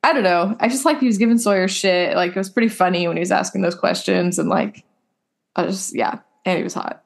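A woman's voice: on the low side, a little fast, vocal fry. A young adult woman co-hosting a podcast, chatting casually and rambling with many fillers. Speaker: podcast co-host. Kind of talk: casual chat.

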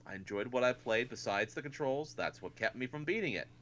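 A man's voice: medium pitch, animated, fairly quick, a bit bright, highs cut off, a little hiss or hum. A man co-hosting a casual podcast, rambling and swearing with lots of fillers. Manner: rambling, profane, many fillers. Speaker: podcast co-host.

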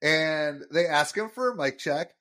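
A man co-hosts a casual podcast, recapping a cartoon episode. He explains at a relaxed pace with plenty of fillers. His voice sits a bit high for a man. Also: a little slow. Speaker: podcast co-host.

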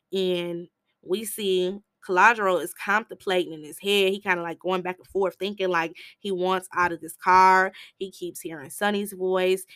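Lively low-voiced woman telling a story. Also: no room sound, studio quality. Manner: animated storyteller who jumps into high voices to act out quotes; blunt, swears casually, relaxed slang. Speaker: podcast host reviewing a film. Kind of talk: casual movie recap.

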